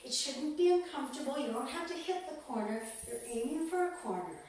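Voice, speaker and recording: A woman teaching a belly dance lesson, calmly counting out the beats as she demonstrates, recorded in a dance studio on a camera mic set far off. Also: high voice, brisk, soft background music. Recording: echoey room, mic far off, faint noise.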